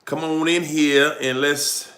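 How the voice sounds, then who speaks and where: Dc guy hosting a live stream, slow drawn out hype, shouting out viewers, bright gravelly voice. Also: on the high side, little pitch movement. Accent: Washington DC. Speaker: livestream host. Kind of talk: casual livestream chat. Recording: roomy echo with music behind. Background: music playing.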